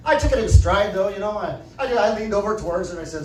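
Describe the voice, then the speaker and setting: Stand-up comic, male, high voice, deadpan storytelling, roomy club sound from a distance. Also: quick pace, few pauses, faint music behind. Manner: deadpan storytelling, tags lines with "right?". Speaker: stand-up comedian. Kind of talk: stand-up comedy set. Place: comedy club stage. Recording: echoey club audio from afar.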